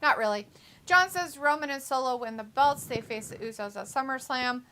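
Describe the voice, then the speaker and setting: A woman with a fairly high, bright and forceful voice co-hosts a live stream in relaxed chat. She reads viewer messages aloud and answers them in a chatty way. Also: moderate pace. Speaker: co-host of a wrestling watch-along stream.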